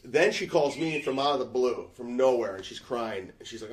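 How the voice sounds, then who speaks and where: A middle-aged man, a comedian, telling a long funny story on a podcast in a rapid, animated way. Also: mid-range voice. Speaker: comedian guest.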